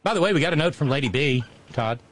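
A man's voice: fairly high pitch, expressive, quick pace. A man hosting a casual talk show, reading listener notes aloud with sardonic, wry asides.

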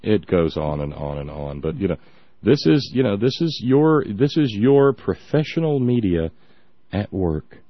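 A man's voice: on the low side, very animated, a little slow, dry recording, dull audio. A man hosting a talk show in casual chat, wry and rambling, with many fillers and restarts.

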